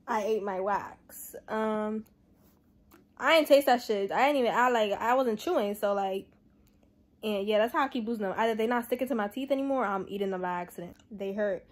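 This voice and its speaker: A woman's voice: mid-range voice, brisk. A young woman talking casually to camera about her days, blunt, slangy and swearing a lot. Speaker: vlogger. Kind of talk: casual vlog talk to camera. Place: at home.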